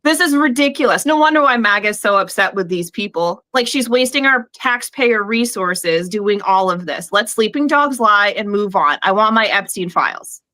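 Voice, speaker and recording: A woman's voice: mid-range voice, expressive, moderate pace, hardly any pauses, pushed and bright. A young woman panelist in a casual political chat, blunt, profane and dismissive.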